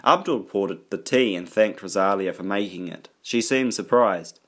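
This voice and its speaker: A man reading an audiobook aloud in a steady, even storytelling manner. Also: fairly low pitch, normal speed. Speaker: audiobook narrator. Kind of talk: audiobook narration.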